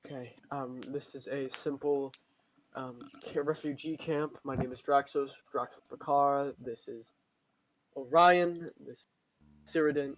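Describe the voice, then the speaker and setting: A man voicing a male adventurer in a tabletop game, speaking in a halting, hesitant way. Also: mid-range voice, fairly even intonation, natural voice, low-quality recording. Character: male adventurer greeting a lost child. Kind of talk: in-character tabletop role-play.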